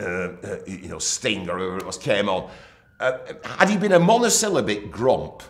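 Lively middle-aged storyteller, roomy sound. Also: male voice, medium pitch. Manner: lively raconteur, acts out what others said, with fillers. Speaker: broadcaster telling his own career stories. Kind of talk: anecdotal storytelling. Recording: roomy echo.

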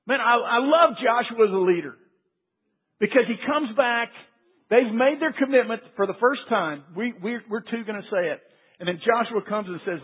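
A man preaching a sermon as a pastor, earnest, swinging between quiet emphasis and raised declarations. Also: high voice, moderate pace, husky. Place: large church sanctuary. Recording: phone-like sound with long hall reverb.

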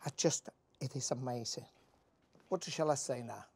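A man's voice: mid-range voice, moderate pace, vocal fry, a little mellow, slightly rough. A man with an Italian accent demonstrating a recipe as a chef, exuberant and exclaiming in broken English beside a wood-fired oven. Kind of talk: cooking demonstration.

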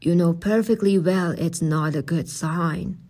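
A woman voicing a patient older librarian who explains things slowly and reassuringly in an audiobook. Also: lowish voice, warm tone, breathy edge. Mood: dry.

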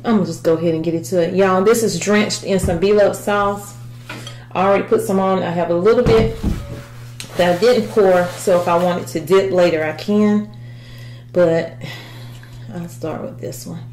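A woman's voice: lowish voice, steady tone, normal speed, darkish tone, roomy sound, low-quality recording. A woman in her fifties chatting casually to viewers as she eats on camera at home. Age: 50s. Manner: chatty, eats while talking, addresses viewers as y'all. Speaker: vlogger. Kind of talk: casual mukbang chat.

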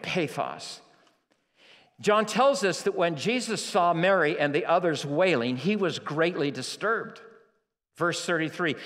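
A man delivers a sermon with dramatic force, dropping to hushed near-whispers and then rising to full shouts. His voice sits a little high for a man, and he leans hard on repeated words. The sound carries the long reverb of a big church hall. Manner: slow, emphatic phrasing with repeated key words. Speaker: preacher. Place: church sanctuary.

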